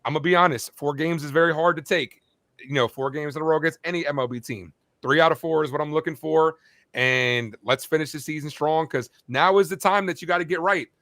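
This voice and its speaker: A man's voice: on the high side, brisk, a bit bright, dry recording. A man co-hosting a casual sports podcast, talking as a fired-up, rambling baseball fan. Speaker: play-by-play streamer and co-host.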